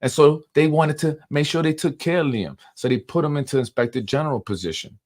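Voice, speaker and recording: A man's voice: fairly high pitch, fairly quick, a little mellow. A man hosting unscripted political commentary, emphatic and full of rhetorical questions and repetition.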